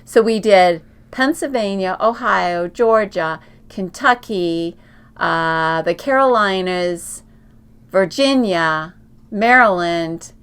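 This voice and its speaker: A woman's voice: lowish voice, slow, a bit bright, clean tone. Chatty storytelling woman co-host. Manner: chatty storyteller, many fillers and restarts. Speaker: quilting podcast co-host. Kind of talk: casual chat.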